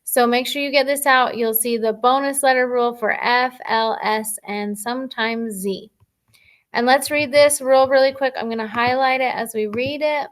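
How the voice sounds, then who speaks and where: A woman's voice: fairly high pitch, fairly even intonation. A woman teacher giving a recorded phonics lesson to children, patient and thinking aloud as she writes. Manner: slow, patient, thinking aloud while writing.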